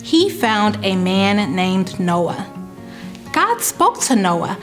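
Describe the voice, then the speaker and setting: A woman hosting a children's Bible lesson, narrating the story clearly in a way meant for kids. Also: medium pitch, sing-song, extremely slow, faint music behind.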